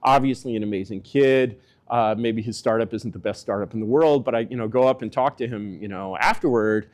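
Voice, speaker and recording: Briskly and in a darkish tone, a man gives rambling, casual political commentary, relying on filler words while his pitch swings for emphasis.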